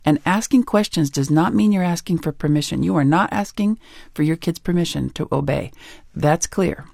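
A woman being interviewed as a parenting author, talking in an emphatic, animated way. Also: sits low, moderate pace, creaky, no echo, studio quality. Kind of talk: interview conversation.

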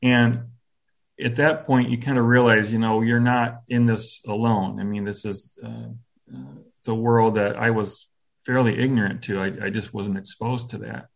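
Man in his 50s, lowish voice, telling his story in an interview, thoughtful and halting w/ a bit of humor. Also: steady tone, creaky. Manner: reflective, halting, with soft self-deprecating humor. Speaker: interview guest.

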